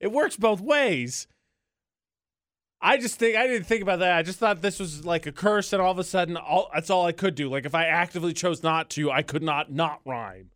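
Playful male radio co-host, fairly high voice. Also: fairly bright tone, no echo, clean studio sound. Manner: playful, argumentative, quick shifts in emphasis. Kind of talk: casual morning radio chat. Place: radio studio. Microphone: close studio mic.

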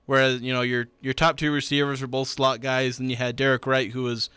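A man's voice: medium pitch, little pitch movement, a little fast, sharp tone, clear, resonant tone, no room sound. A man co-hosting a sports radio show, talking in an easygoing way and leaning on fillers. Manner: easygoing, leans on "you know". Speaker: co-host and play-by-play announcer. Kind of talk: casual sports radio chat.

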